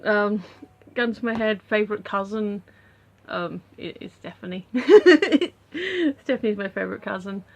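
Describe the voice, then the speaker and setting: A woman's voice: mid-range voice, vocal fry, a bit bright. Rambling British woman vlogging. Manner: rambling with many ums and restarts. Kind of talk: casual chat to camera.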